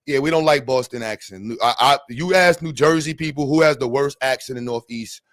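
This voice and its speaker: A man's voice: medium pitch, fairly quick, a bit bright, no room sound, clean studio sound. A man from New York streaming live and chatting casually, joking, cursing and laughing often.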